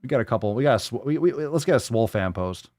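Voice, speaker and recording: Male podcast host, profane and mocking, lively pitch, dry close mic. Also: racing, no room sound. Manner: sarcastic, profane, jumps into silly voices. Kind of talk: casual live show banter.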